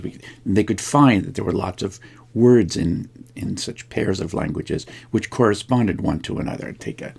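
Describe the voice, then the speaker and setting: A man's voice: lowish voice, gravelly, darkish tone, slightly rough. A man giving a recorded linguistics lecture, thinking aloud with frequent restarts and fillers.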